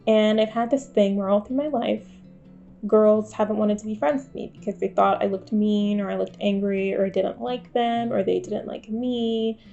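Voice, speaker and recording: A woman's voice: mid-range voice, fairly even intonation, moderate pace, creaky, mellow, muffled recording. A woman in her twenties talking candidly to camera in a vlog, wry and self-deprecating. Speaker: vlogger. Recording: faint guitar music behind.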